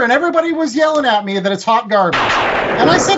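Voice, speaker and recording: A man's voice: very high voice, animated, fast, highs cut off, heavy background noise. A man hosting a podcast in casual chat, upbeat and prompting his co-hosts with questions. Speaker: podcast host.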